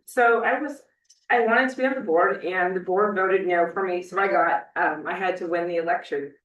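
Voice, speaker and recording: A woman on a school board telling a story about a colleague in a rambling, animated way, her voice affected by allergies. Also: fairly low pitch, normal speed. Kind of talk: spoken tribute at a board meeting. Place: meeting room in a school. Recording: roomy sound from a distant mic.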